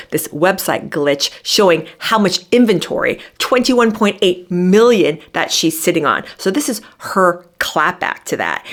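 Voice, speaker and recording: A woman's voice: deep voice, a bit bright. A woman giving an emphatic, sarcastic commentary monologue, admitting she is worked up. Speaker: commentary vlogger. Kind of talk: opinionated monologue.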